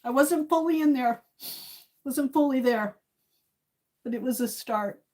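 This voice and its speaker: A woman's voice: sits high, measured pace, darkish tone. A woman in her sixties chatting on a casual live stream, emotional and tearful, swinging between laughter and tears, with many fillers. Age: 60s.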